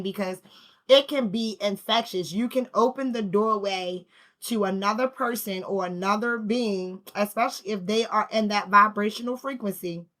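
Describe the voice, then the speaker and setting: A middle-aged woman telling a story in a casual, animated way and acting out the people she quotes. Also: medium pitch. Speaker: spiritual vlogger.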